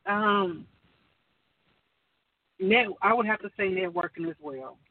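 A woman's voice: mid-range voice, slow pace, no echo. Earnest woman on a distant phone line. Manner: earnest, rambling, many fillers. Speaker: caller sharing business advice. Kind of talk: casual chat.

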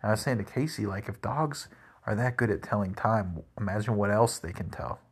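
A man's voice: lowish voice, a little fast, breathy edge. A man telling rambling everyday stories in a casual monologue, full of "like" and "crazy". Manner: rambling, animated, lots of "like" and "crazy".

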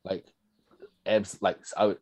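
A young man appears as a podcast guest, rambling through stories in casual chat packed with "like" and "bro." His voice is low and flat, his pace slow, and the recording is dry.

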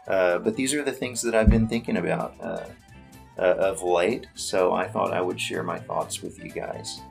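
A man's voice: on the low side, creaky, poor audio. A man hosting his own podcast, chatting casually and rambling, with lots of repeated words and fillers. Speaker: podcast host. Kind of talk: casual solo podcast chat.

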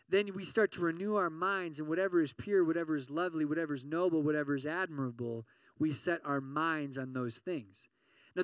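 A man preaching a conversational sermon to a campus ministry group, animated and often checking in with his listeners. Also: on the high side, dry recording, distant mic. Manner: acts out everyday inner voices with sudden loud outbursts.

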